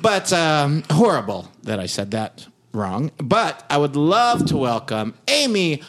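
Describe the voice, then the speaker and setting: A man's voice: fairly high pitch, very animated, unhurried, a bit bright. A man co-hosting a casual fitness podcast, joking and laughing often. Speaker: podcast co-host. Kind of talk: casual chat.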